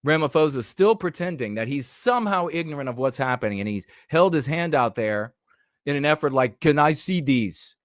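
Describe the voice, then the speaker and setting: A man's voice: mid-range voice, expressive, brisk, dry recording. Heated, emphatic male commentator, dry sound. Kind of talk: podcast commentary over clips.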